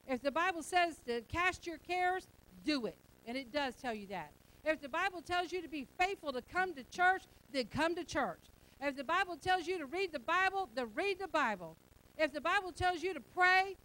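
High-voiced woman preaching emphatically. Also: a bit bright, poor audio. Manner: emphatic preaching with repetition and acted-out dialogue. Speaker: pastor. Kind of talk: sermon.

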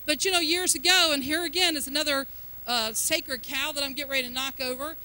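Lady preaching, folksy and punchy, real bright edgy voice, keeps asking the church stuff. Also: sits high, steady tone, brisk. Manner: folksy, emphatic, asks the congregation questions. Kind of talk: sermon.

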